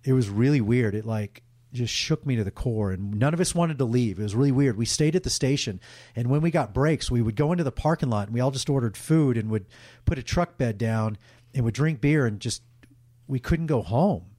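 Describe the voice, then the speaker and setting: A middle-aged sportscaster telling emotional, candid stories in a casual interview, rambling with restarts. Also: male voice, mid-range voice, animated, fairly quick, warm tone, dry recording, studio quality. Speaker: guest, sportscaster.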